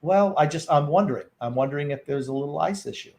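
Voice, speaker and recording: A man's voice: on the high side, expressive, fast, vocal fry, darkish tone. A man co-hosting a hockey watchalong podcast, making dry, wry remarks about the game. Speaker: podcast co-host. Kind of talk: casual sports commentary.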